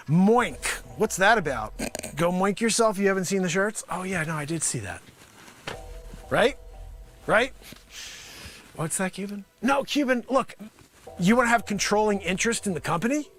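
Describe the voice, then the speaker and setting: A man hosting a live improv comedy show, pitching a made-up product in a wisecracking, animated way that swings between loud and soft. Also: moderate pace.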